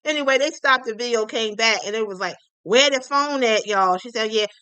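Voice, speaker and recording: A woman's voice: a little high, brisk, sharp tone, clear, resonant tone, no room sound. A woman hosting a livestream gossip channel, chatting casually and sassily with viewers, calling them honey. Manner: chatty, sassy, calls viewers honey and y'all.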